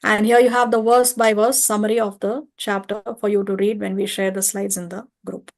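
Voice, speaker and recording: A woman leading an online scripture study class, explaining step by step and often pausing to check with listeners. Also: mid-range voice, little pitch movement. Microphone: video call or home mic.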